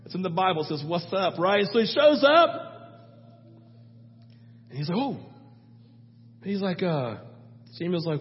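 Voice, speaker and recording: A man preaching a sermon as a pastor, storytelling in an animated way, acting out biblical figures and swinging between loud and soft. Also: high voice, moderate pace, pauses often. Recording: muffled sound with long hall reverb.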